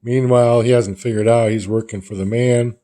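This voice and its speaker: A man's voice: medium pitch, steady tone, moderate pace, mellow. A man casually retelling the panels of a comic book in a loose, rambling way, as a reviewer.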